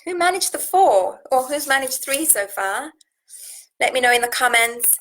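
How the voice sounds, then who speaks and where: A woman hosting a live wellness challenge, slowly counting breaths and then chatting with viewers. Her voice is slightly husky, and she is seated indoors at home. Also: high-pitched, lively intonation, fairly bright tone, rough recording. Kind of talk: live-streamed coaching chat with guided breathing.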